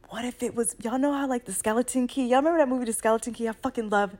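A woman talking at home at night in a rambling, excitable casual monologue, full of swearing and slang. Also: high voice, rapid-fire, hardly any pauses. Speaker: spiritual channeler.

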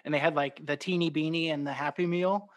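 A man's voice: a little high, steady tone, fast talker. A man in his thirties from Southern Illinois, a guest on a podcast, easygoing and joking in casual chat. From Southern Illinois, USA. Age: 30s. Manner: easygoing, self-deprecating jokes. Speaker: podcast guest, toy maker.

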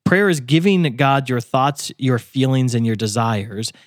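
A man's voice: medium pitch, animated, measured pace, no echo, studio quality. A man co-hosting a faith podcast, speaking earnestly and telling personal stories about prayer. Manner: earnest, storytelling, acts out prayers in quotes. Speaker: podcast co-host and author. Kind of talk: casual faith conversation.

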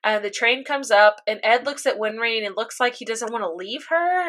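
Bright-voiced young woman recapping excitedly. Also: normal speed. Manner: animated retelling, voicing characters with high squeals and laughter. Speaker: podcast co-host recapping an anime. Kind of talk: casual chat.

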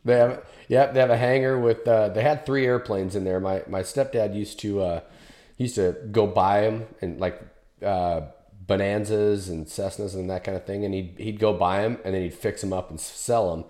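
A man hosting a podcast, chatting casually over a remote call, mostly giving short agreeing replies and sometimes telling a relaxed story. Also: lowish voice, normal speed. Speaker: podcast host. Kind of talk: casual conversational interview.

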